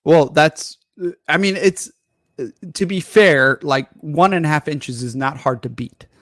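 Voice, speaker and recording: A man with a fairly high voice rants scornfully and profanely as a podcast co-host. The sound is dry and close. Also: a little slow, no echo. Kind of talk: casual political rant.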